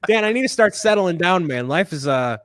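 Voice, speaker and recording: Lively, joking man in his twenties. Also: high-pitched, brisk, no room sound. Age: 20s. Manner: joking, animated banter. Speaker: co-host. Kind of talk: casual livestream chat. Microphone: video call.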